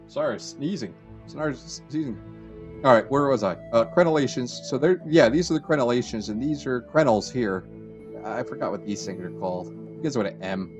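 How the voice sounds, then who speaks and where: A man giving a rambling, chatty let's-play commentary on a game, trailing off and restarting, with sudden excited jumps in pitch. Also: a little fast, dull audio, over music. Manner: excited bursts of high pitch at discoveries. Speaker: gaming channel host.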